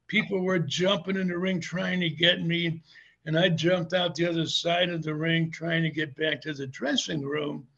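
Older man, husky and gravelly, rambling chuckling anecdotes, dull lo-fi sound. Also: high-pitched, a bit bright. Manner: rambling, chuckling, many restarts. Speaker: interview guest, former pro wrestler. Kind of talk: casual anecdotal storytelling.

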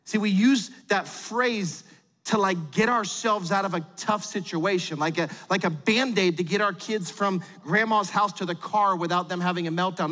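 A middle-aged man preaching a sermon as pastor, animated and acting out quotes in little voices. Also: sits high, moderate pace, big-room sound.

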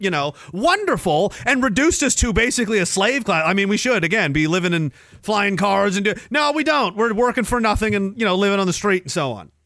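A man hosting a podcast, delivering a sarcastic, profane rant with loud outbursts. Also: sits high, no room sound, studio quality. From Canada. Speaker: podcast host. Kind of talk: angry ranting monologue.

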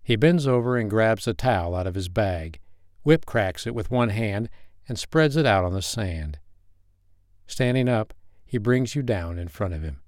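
A man narrating a second-person erotic story in a calm, steady way. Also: lowish voice, moderate pace, no echo, clean studio sound.

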